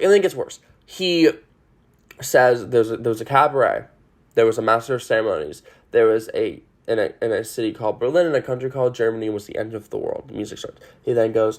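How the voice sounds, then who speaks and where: A woman's voice: very deep voice, moderate pace. A woman hosting a podcast, rambling through an emotional, swear-filled recap. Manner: animated, emotional, swears a lot. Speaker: podcast host.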